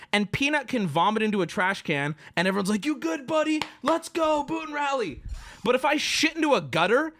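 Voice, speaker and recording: A man with a fairly high voice that swings wildly up and down as he tells a crude story. He rants casually and acts out every person in it. He sounds like a streamer talking to his chat. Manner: crude, animated, acts out other people's lines. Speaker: streamer host.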